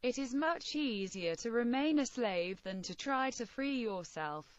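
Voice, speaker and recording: A woman's voice: on the high side, animated, unhurried, no room sound. Woman narrating an intense first-person story. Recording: dry, slightly muffled recording.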